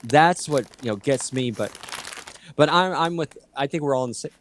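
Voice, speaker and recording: A man in his fifties co-hosting a casual chat, talking in a rambling, halting way. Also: medium pitch, slight background noise. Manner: rambling, halting, many fillers and restarts. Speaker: co-host.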